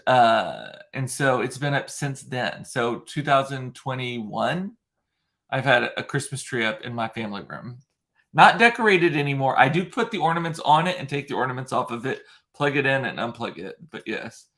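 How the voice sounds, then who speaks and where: A man's voice: medium pitch, a bit bright. A man chatting casually on his own, rambling and gossipy, often correcting himself mid-sentence. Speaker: vlogger. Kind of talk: casual solo chat reading live comments.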